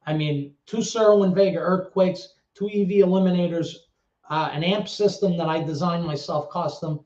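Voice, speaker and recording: Guesting in a casual interview, a middle-aged former actor and DJ from the Bronx, New York, tells animated, streetwise stories at a moderate pace, swearing freely and slipping into other voices. His voice is somewhat high for a man. The roomy, echoey recording sounds dull and lo-fi.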